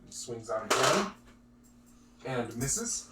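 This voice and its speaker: A man's voice: mid-range voice, big pitch swings, slow. A man running a tabletop game as game master, calling out attacks and damage in a matter-of-fact way and patiently explaining the rules. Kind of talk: narrating tabletop combat. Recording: roomy, distant mic, faint noise.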